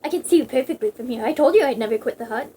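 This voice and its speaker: A woman's voice: high voice, lively intonation, racing, dark tone, a little hiss or hum. A woman voicing a cold, taunting female sniper who speaks menacingly.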